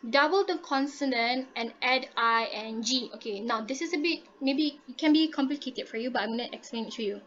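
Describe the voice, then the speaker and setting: A woman leads a grammar lesson, high in pitch, spelling out rules and checking in with "okay?" after nearly every step. Her voice comes through dull and lo-fi, as if over a muffled online-class connection. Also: a bit bright. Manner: patient, repeats and checks understanding with "okay?". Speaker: English teacher. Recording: dull lo-fi audio.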